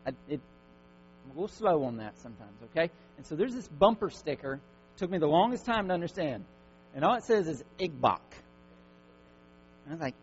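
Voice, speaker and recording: A man preaching a sermon, swinging from loud, fervent declaring to hushed, gentle reassurance. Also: fairly high pitch, brisk. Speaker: pastor. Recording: dull lo-fi recording with faint mains hum.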